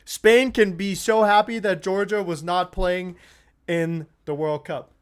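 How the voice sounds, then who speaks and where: With a high, clean-toned voice, this young man talks a little slowly while hosting a live football watch-along. He chats casually yet gets worked up over the play, swearing freely and shouting and laughing at goals.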